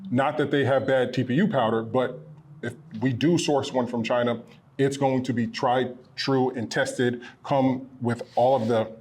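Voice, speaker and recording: A man who owns a printing supply business, chatting casually and a bit ramblingly as he pitches products from his small shop. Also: fairly even intonation, unhurried, a little mellow, slightly rough. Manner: rambling, self-correcting, earnest. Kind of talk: casual promotional chat. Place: their small shop location.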